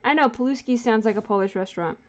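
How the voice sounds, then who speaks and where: A woman's voice: fairly high pitch, fast talker, dull audio. A woman vlogger chatting casually while she draws, rambling and correcting herself as she goes. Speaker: art vlogger. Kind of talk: casual chat while drawing.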